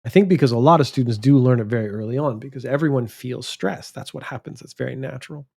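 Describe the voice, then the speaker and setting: Slow, deliberate male English teacher. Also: mid-range voice, gravelly, darkish tone, breathy edge. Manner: slow and deliberate, stretches words out and stresses key words. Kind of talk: vocabulary lesson, thinking aloud.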